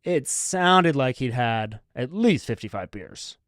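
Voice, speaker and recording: A man hosting a comedy podcast, telling a rambling story with deadpan, mock-serious asides. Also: medium pitch, takes it slowly, hardly any pauses, dry recording, clean studio sound. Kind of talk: comic storytelling.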